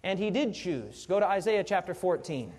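A man's voice: sits high, very animated, normal speed, darkish tone, a little hiss or hum. A middle-aged man preaching a sermon, telling a story and asking the congregation questions.

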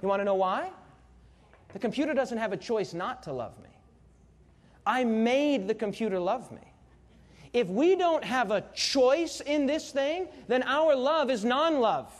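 Middle-aged male preacher, very high voice, storytelling sermon, asks the congregation questions. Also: expressive, measured pace.

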